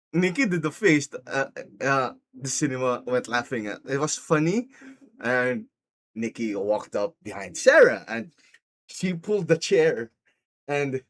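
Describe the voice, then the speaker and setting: This YouTuber reviewing a film chats casually about it, wandering through his thoughts and starting over many times. He laughs often and acts out the quotes using high voices.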